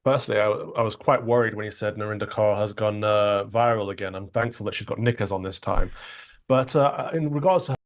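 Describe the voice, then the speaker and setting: A man's voice: fairly low pitch, fairly even intonation, fairly quick. A man as a guest in a televised interview clip, giving blunt, firm opinions. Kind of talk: TV interview commentary.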